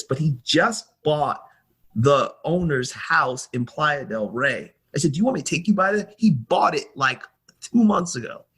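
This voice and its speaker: A middle-aged man, a guest in an interview, telling stories in an animated way and acting out the exchanges he quotes. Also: on the high side, breathy edge. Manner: animated storyteller who acts out quoted exchanges. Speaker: guest, former basketball team staffer. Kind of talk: storytelling interview answer.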